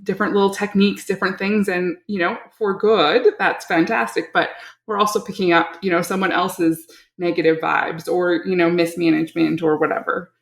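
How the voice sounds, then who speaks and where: A woman's voice: fairly low pitch, steady tone, moderate pace, vocal fry. A middle-aged woman hosting a podcast, telling a family story in a chatty, casual way. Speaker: podcast host. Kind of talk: casual chat. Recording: roomy echo.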